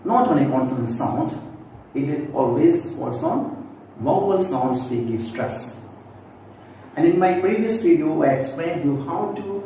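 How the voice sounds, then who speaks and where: A man with a fairly high but mellow voice gives a phonetics lesson, explaining slowly and circling back to repeat his points. He sits at a distance from the mic in a strongly echoing room, with a faint hiss underneath. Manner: slow, repetitive explaining with many asides. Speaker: phonetics teacher.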